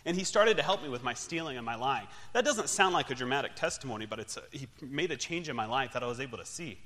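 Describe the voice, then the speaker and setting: A man's voice: medium pitch, expressive, fast talker, sharp tone. A young man giving a candid, self-deprecating personal testimony. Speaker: speaker giving his testimony. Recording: long hall reverb.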